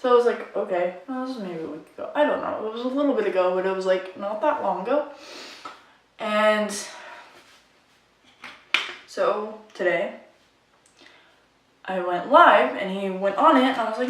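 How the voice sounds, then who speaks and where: A woman's voice: medium pitch, moderate pace, pauses often, fairly bright tone. A young woman vlogger ranting casually to camera, frustrated and rambling, saying "like" often. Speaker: makeup vlogger. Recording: echoey room, mic at a distance.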